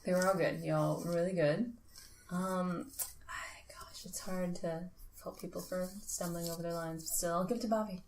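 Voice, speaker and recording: A woman co-hosting a podcast, playful and quick to laugh as she runs a party game. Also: lowish voice, steady tone, darkish tone, reverberant, a little hiss or hum. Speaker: podcast co-host. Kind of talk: casual game chat.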